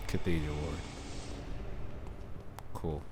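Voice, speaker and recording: A man hosting a let's play, giving casual gameplay commentary that swings between loud profane outbursts and low mumbling. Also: little pitch movement, slow, very noisy.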